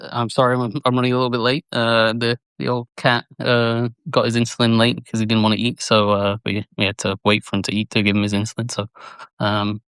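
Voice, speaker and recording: A man appearing as a guest analyst in casual sports chat, explaining things in a measured, thoughtful way with frequent fillers. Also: mid-range voice, fairly bright tone, clean tone, dry recording.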